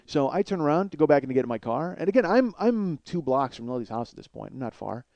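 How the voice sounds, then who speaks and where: A man in his forties, a comedian host, telling a long story in a blunt, profane, animated way. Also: on the high side, fast, no echo, muffled recording. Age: 40s.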